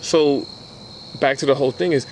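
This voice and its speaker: A man co-hosts a relationship podcast, chatting casually and telling stories in an animated way while acting out other people's voices. His mid-range voice moves at a moderate pace, in a low-quality recording with slight background noise.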